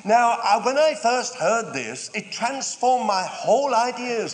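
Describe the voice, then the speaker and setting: A man's voice: very high voice, expressive. An older British man preaching a sermon, stretching key words out and dropping in wry, humorous asides. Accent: British English. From United Kingdom. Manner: measured, drawn-out emphasis with wry humorous asides. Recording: long hall reverb.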